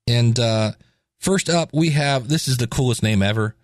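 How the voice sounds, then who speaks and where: A man's voice: medium pitch, normal speed, no echo, clean studio sound. A man hosting a podcast, talking casually and animatedly with jokes and asides. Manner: animated, chatty, joking. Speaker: podcast host.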